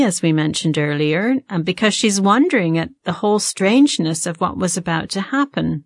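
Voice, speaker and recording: A woman guest teaching on a Bible passage in a measured, explanatory way with frequent ums and uhs. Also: on the low side, lively intonation, dry recording, clean studio sound. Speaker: guest theologian.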